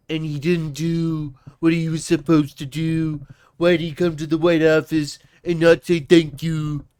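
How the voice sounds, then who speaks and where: A woman putting on the voice of a boastful older male politician, slow and drawn-out, a little away from the mic. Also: sits low, clear, resonant tone.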